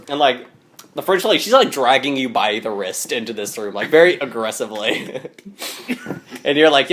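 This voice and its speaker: A man's voice: mid-range voice, lively intonation, normal speed, a bit bright. A man narrating as game master in a loose, laughing style full of fillers.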